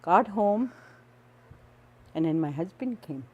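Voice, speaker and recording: A woman's voice: on the low side, lively intonation, takes it slowly, warm tone, lo-fi sound. An older woman from the Northwest Territories of Canada, casually telling a personal story and laughing often as she goes. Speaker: storyteller guest.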